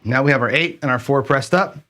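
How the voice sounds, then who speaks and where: A man's voice: mid-range voice, fast, fairly bright tone, slight background noise. Chatty man commentating a dice session. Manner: chatty, self-correcting, repeats words for emphasis. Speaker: craps channel host. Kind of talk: casual livestream commentary on a dice game.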